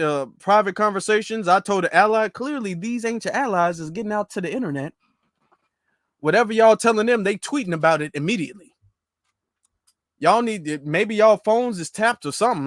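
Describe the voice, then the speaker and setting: Male vlog commentator, mocking and slangy, high voice, dry close sound. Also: fairly bright tone, no echo. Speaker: political commentator. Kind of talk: casual political commentary.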